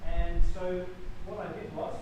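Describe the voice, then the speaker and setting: Australian pastor telling a story, high voice. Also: male voice, little pitch movement, measured pace, background noise. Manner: anecdotal, conversational with self-corrections. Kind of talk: sermon with a personal story. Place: church. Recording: echoey church, mic from far off.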